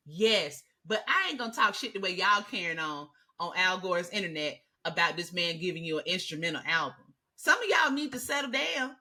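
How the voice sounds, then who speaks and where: A woman co-hosting a podcast in casual chat, animated and swearing freely as she rants. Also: fairly low pitch, brisk, hardly any pauses. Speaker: podcast co-host.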